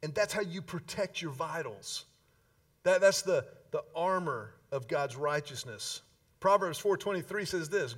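A man preaching a sermon as pastor, emphatic, with dramatic pauses and slowed key phrases. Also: a little high, lively intonation, fairly bright tone, far from the mic.

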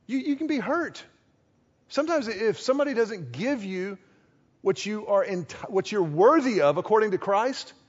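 A high-pitched male pastor delivers a sermon with a voice that swoops all over the place. He slips into little acted-out exchanges to make his points. The sound is a bit dull and lo-fi. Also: slightly rough. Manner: animated, acts out little quoted exchanges.

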